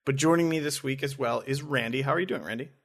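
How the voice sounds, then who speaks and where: A man's voice: medium pitch, fast, fairly bright tone. A man co-hosting a podcast, chatting casually and often repeating words as he talks. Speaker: podcast co-host.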